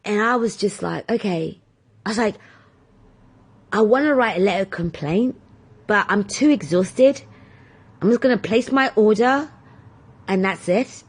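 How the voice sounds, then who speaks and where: A woman's voice: medium pitch, unhurried, long pauses, husky. A woman hosting her own podcast, telling a story in a chatty, blunt way, swearing freely and acting out both sides of the conversations. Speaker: podcast host. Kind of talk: casual storytelling monologue.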